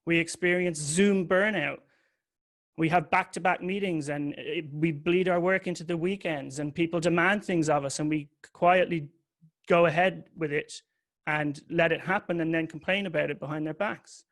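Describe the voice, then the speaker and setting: A man's voice: a little high, steady tone, moderate pace, fairly bright tone. A man giving a candid, confessional talk that mixes a personal story with occasional swearing. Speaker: public speaker.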